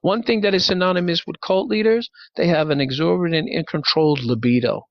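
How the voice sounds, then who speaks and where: A man's voice: fairly high pitch, a little fast, dry recording, highs cut off. A man hosting a casual debate chat, laughing often and lecturing with profanity. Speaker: host.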